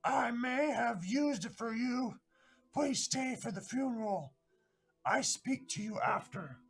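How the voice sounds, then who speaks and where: A man's voice: very high voice, lively intonation, slow pace, gravelly, fairly bright tone, slightly rough, voice pushed up, exaggerated voice. A man voicing a stern, commanding female half-orc mayor with a guttural orcish twang, speaking in a curt way. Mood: formal. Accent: guttural orcish twang, put on.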